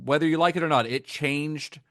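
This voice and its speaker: A man's voice: fairly high pitch, steady tone, brisk, fairly bright tone, dry recording, studio quality. A man co-hosting a podcast, talking about films in a casual, enthusiastic way, with many fillers and restarts. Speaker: podcast co-host. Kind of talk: casual film discussion.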